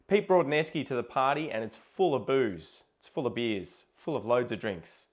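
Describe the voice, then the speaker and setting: A man's voice: mid-range voice, expressive, normal speed, hardly any pauses. Laid-back Australian man. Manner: laid-back, acts out everyday slang scenes. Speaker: guest English teacher. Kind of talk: casual teaching with acted examples.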